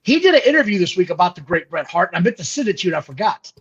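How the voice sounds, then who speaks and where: A high-voiced male host giving blunt, profane opinions on wrestling. His pitch leaps around animatedly, and the audio is dull and lo-fi. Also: sing-song, rapid-fire, fairly bright tone, husky. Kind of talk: casual wrestling podcast chat.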